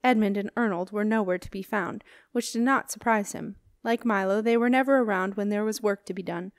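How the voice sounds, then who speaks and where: A woman reading a fantasy novel aloud in steady, expressive scripted narration. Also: mid-range voice, fairly quick, no echo, studio quality. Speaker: audiobook reader.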